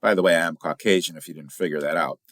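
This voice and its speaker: A middle-aged man from Illinois hosting a casual podcast as a firearms instructor, telling stories in a chatty, animated way with big jumps in pitch for emphasis. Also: fast talker, no room sound, studio quality. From Illinois, USA.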